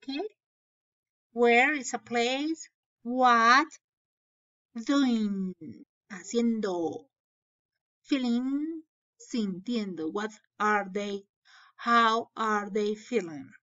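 Slow woman teacher reading aloud. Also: a little high, bright, forceful tone, lo-fi sound. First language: Spanish. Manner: slow, explaining and translating into Spanish. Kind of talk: reading a story aloud to children.

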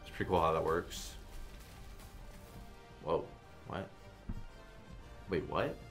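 Man, slot stream commentary, lowish voice, swears a lot, mutters then yells, faint music behind. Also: takes it slowly, creaky. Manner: swears a lot, shifts between flat muttering and loud outbursts. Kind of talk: casual gambling stream commentary.

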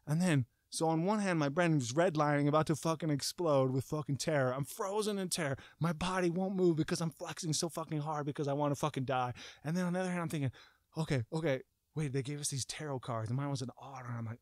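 Brief: man, young adult, casual swearing storyteller, dry close sound, jumps into shouted bits. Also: fairly high pitch, brisk, dry recording. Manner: animated, profane, acts out his own panic with sudden shouts.

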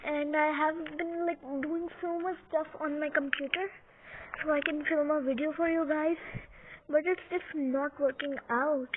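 Young woman, high and unhurried, giggly rambling game commentary, lo-fi phone-quality sound. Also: steady tone. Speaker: gaming video host. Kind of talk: casual gameplay commentary. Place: home, lying on a couch. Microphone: phone or computer mic, sometimes covered by her hand. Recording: tinny phone-like audio with faint hiss.

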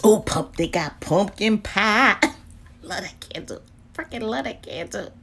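A woman, chatting casually about deals in a lively vlog, with lots of exclaiming and laughing. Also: medium pitch, takes it slowly, breathy edge, faint music behind. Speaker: deals vlogger. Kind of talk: casual live chat.

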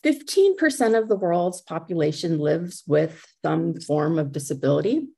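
A woman's voice: low-pitched, big pitch swings, moderate pace, gravelly, dark tone, slightly rough. A middle-aged woman giving a conference talk over a video call, speaking conversationally with fillers and restarts.

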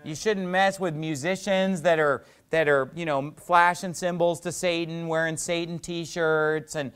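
A man's voice: on the high side, steady tone, unhurried, a bit bright, clean tone. A middle-aged male pastor preaching a sermon, telling stories in a loose, conversational way with lots of "you know".

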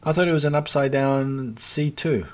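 A man's voice: mid-range voice, normal speed, a little mellow. A man hosting a let's play, chatting casually to viewers as folks, swearing freely and muttering at the game as he goes. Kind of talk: casual gameplay commentary.

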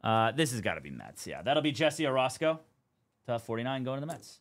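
A man's voice: medium pitch, expressive, brisk. A young man hosting a live card break stream, chatting casually as he calls out cards and teams.

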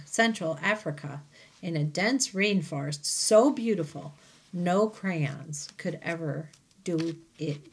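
A woman teacher reading a children's novel aloud to her class, with gentle, chatty asides between passages. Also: fairly low pitch, husky. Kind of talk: storybook read-aloud.

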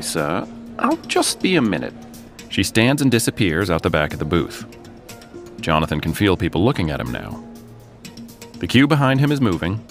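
His voice sits low with a fairly bright tone. He's an American podcast host narrating a true story dramatically, adding jokey asides between scenes, all delivered over a music bed.

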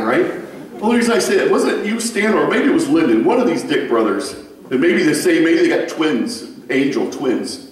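Pastor preaching in a very echoey church. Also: male voice, a little high. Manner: conversational, animated storytelling with asides to the congregation. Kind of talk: sermon. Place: church sanctuary. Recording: very echoey room, mic far off.

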